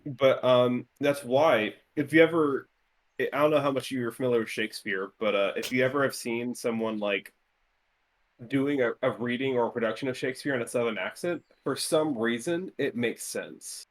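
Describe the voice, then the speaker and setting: A man in casual chat who swears freely and explains things at length in animated bursts. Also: mid-range voice, moderate pace.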